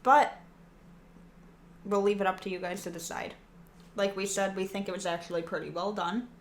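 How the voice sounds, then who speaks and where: A woman's voice: mid-range voice, little pitch movement, quick pace, a little hiss or hum. A woman co-hosting a podcast in casual chat, talking in a loose way with many fillers. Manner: chatty, uses fillers like um and like. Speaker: podcast co-host.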